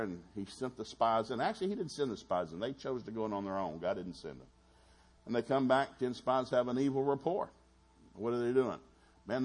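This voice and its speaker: Folksy male preacher, husky tone, animated storytelling delivery with asides to the room. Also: medium pitch. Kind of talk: sermon.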